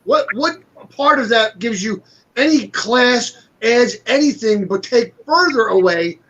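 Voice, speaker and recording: Man, high voice, bright and sharp, indignant rhetorical questions, casual interview host. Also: expressive, unhurried, muffled recording, a little hiss or hum.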